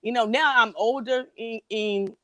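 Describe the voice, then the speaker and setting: A woman in her forties talking over her life in a casual chat, reflective and halting, often restarting her sentences. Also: on the high side, a bit bright, dry recording, studio quality. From North Carolina. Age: 40s. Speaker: guest on a live chat.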